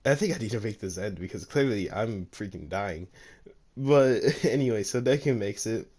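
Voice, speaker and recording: A man's voice: on the low side, expressive, measured pace, darkish tone, slightly rough. A man casually narrating a fan-made story, rambling with lots of fillers and laughing at his own slips.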